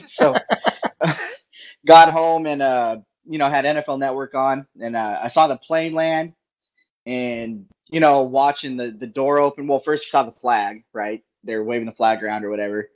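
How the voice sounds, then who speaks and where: A man's voice: mid-range voice, normal speed. A man chatting casually on a fan podcast, telling stories in an easygoing way. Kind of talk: casual chat. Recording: dull lo-fi audio.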